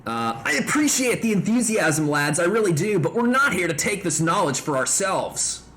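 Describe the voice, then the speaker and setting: A man's voice: high voice, sing-song, normal speed, pitched above the performer's own voice, heavily acted. A man voicing a laid-back male engineer chief as a drawling surfer dude, reading game dialogue on a stream. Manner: mellow, says dude a lot.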